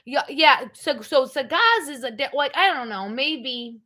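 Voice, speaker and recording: A woman's voice: sits high, lively intonation, measured pace, bright, forceful tone. A middle-aged woman hosting a livestream, chatting casually in a blunt, rambling way. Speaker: livestream host. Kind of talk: casual chat.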